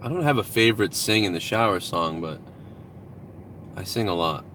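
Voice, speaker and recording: A man's voice: deep voice, animated, normal speed, bright, forceful tone, slight background noise. Profane, rambling man hosting a stream. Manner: rambling, profane, reads out donations. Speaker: live-stream host. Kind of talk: casual live-stream chat.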